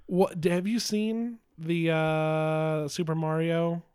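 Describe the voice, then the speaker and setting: A man's voice: fairly high pitch, steady tone, slow pace, darkish tone, smooth. A man co-hosting a casual podcast chat, rambling and swearing, often mimicking others in quoted voices. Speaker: podcast co-host.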